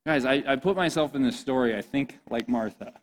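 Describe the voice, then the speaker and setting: A man's voice: mid-range voice, fairly quick. Earnest man preaching to youth. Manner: earnest, impassioned, addresses listeners as "guys". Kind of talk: sermon.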